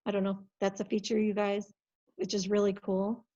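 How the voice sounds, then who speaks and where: Female trainer, brisk and chatty, mid pitch, muffled lo-fi sound. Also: completely flat delivery, warm tone. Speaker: compliance coordinator. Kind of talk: software training over video call.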